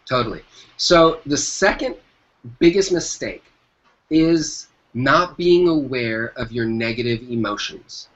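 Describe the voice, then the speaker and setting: Speaking slowly in a mid-range, expressive voice with a fairly bright tone, a man sits in as an entrepreneur guest on an interview. He emphatically delivers motivational business advice and repeats his main phrases, captured on dull lo-fi audio.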